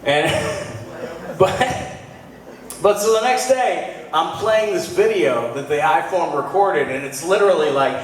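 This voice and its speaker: A man doing a stand-up comedy set on a club stage, acting out drunken versions of himself in shouted, high voices. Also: expressive, takes it slowly, distant mic, slight background noise. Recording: very echoey club from afar.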